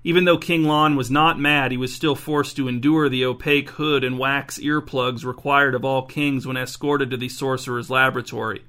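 Man narrating a storybook in an even voice. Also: medium pitch, moderate pace, hardly any pauses.

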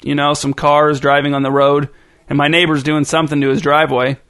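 A man's voice: on the high side, completely flat delivery, a little fast, a bit bright. A man voicing an earnest, anxious man who keeps watch from a tower and speaks hesitantly.

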